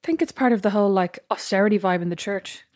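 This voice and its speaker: A woman's voice: medium pitch, fast talker, darkish tone, no echo, studio quality. A woman co-hosting a casual chat, teasing and often cutting in. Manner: teasing, frequently interrupting.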